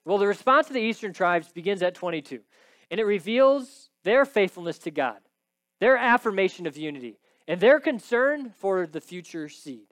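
A male preacher with a fairly high voice teaches through a passage with emphatic stress, often tossing out a quick "right?" to his listeners. The sound is dry and close, with almost no room around him. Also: lively intonation, a bit bright, no room sound. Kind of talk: sermon with scripture reading.

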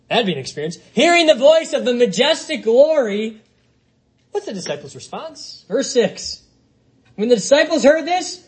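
A male pastor delivering an expository sermon, his voice sitting high for a man and swinging widely up and down as he stresses each point. He reads scripture aloud and keeps turning to the congregation with questions. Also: breathy edge, poor audio. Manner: expository preaching with rhetorical questions and quoted scripture.

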